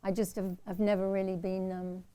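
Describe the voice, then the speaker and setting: A woman in her seventies with a Liverpool accent, a guest actress answering questions modestly and haltingly in an onstage festival conversation. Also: medium pitch, little pitch movement, warm tone, clean tone. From Liverpool, England. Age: 70s.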